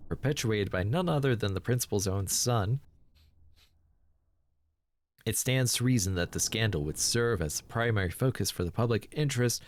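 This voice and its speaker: A man hosting a horror game playthrough, reading its text aloud and muttering dry asides. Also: fairly low pitch. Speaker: let's play host.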